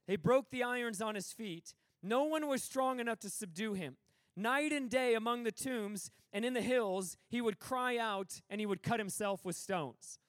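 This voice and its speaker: Man, very high voice, dry mic, energetic sermon storytelling, comic asides. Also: no echo. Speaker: preacher. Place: large venue.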